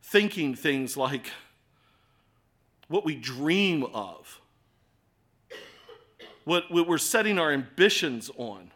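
A man preaching a sermon, earnest, moving between quiet reflection and impassioned appeals. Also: on the high side, big pitch swings, slow, pauses often. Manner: earnest, swings from hushed to impassioned.

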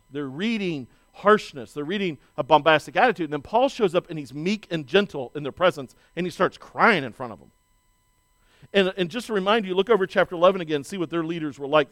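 A pastor in his forties preaching a conversational sermon, animated, with plenty of casual asides. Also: fairly high pitch, no room sound.

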